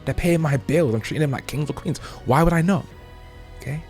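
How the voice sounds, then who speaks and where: A man from the UK hosting his own show, delivering an emphatic, preachy monologue that keeps checking in with "okay?" and jumps higher and louder on key points. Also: a little fast, soft background music. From United Kingdom. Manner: rising to loud high emphasis on key points. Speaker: host. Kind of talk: opinionated monologue.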